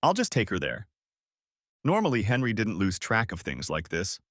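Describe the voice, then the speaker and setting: Audiobook wife narrator, voiced by a man: gentle, pleading, expressive pitch, dry sound. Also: moderate pace, no room sound. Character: soft-spoken unfaithful wife, middle-aged woman. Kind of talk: audiobook story reading.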